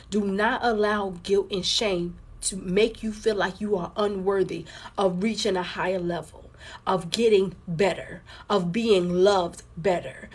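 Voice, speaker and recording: A woman's voice: mid-range voice, slightly rough. Blunt, cursing woman fighting a cough. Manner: blunt, profane, emphatic, repeats her points. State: holding back a cough, sore throat. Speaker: live-streaming card reader. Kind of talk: casual live stream talk to viewers.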